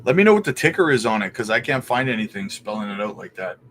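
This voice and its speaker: A Canadian man with a fairly low voice talks fast while hosting a casual crypto livestream, with a little hiss or hum on the audio. He reads out viewer questions and, relaxed, thinks aloud as he looks things up.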